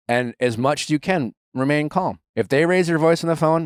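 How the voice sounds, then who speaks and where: A man's voice: on the high side, brisk, few pauses, clear, resonant tone, no echo, clean studio sound. Blunt, emphatic man giving advice. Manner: blunt, emphatic, swears freely. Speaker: podcast host giving advice. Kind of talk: casual advice chat.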